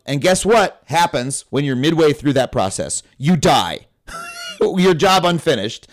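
A man in his thirties, a comedian guest on a podcast, talking in an impassioned, profane, rambling way. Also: fairly high pitch. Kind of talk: animated podcast conversation.

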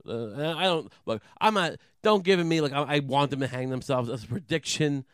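A man doing a rambling comic monologue, deadpan and crude, halting with many fillers. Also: a little high, no echo, studio quality. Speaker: comedian.

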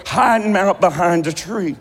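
A man's voice: high voice, a little slow. Preaching man in an echoing hall. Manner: storytelling, conversational preaching. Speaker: pastor. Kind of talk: sermon.

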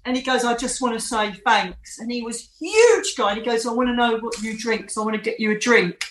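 A woman, a medium telling stories with animated emphasis as an interview guest. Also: a little high, a little fast, echoey room, low-quality recording. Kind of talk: casual storytelling in an interview.

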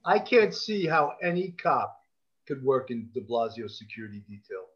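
A man's voice: medium pitch, sing-song, moderate pace, fairly bright tone. A man co-hosting a podcast, blunt and crude in casual chat. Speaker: podcast co-host. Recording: dull lo-fi sound.

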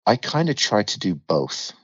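A man's voice: on the low side, sing-song, normal speed, breathy edge, no room sound. A middle-aged man from the United Kingdom with a British accent, a podcast guest telling a story bluntly and vividly, swearing freely. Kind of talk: candid storytelling in a podcast interview. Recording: slightly dull dry recording.

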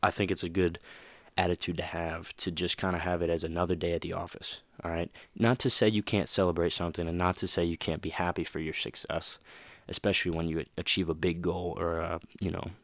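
A man's voice: deep voice, little pitch movement, a little fast, fairly bright tone, dry recording. A man hosting a motivational podcast, talking casually with plenty of fillers and restarts. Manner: rambling, lots of fillers and you-knows. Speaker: podcast host.

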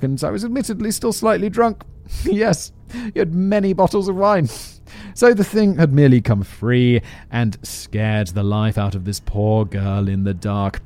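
A man's voice: lowish voice, dark tone. A man hosting a podcast, reading a story aloud with sardonic, self-mocking asides and casual swearing, close to the microphone. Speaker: podcast host.

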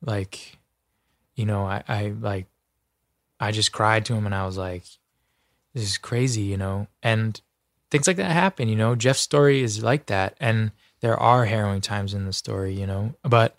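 A man who is an actor, talking as a podcast guest in an earnest, expressive way, his voice jumping up when excited. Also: on the low side, normal speed, no echo, studio quality. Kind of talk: casual interview chat.

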